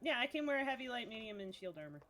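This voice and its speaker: A woman chatting casually on a live tabletop game stream, blunt and quick to laugh and swear. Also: a little high, very animated, a bit bright. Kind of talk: casual gaming chat on stream.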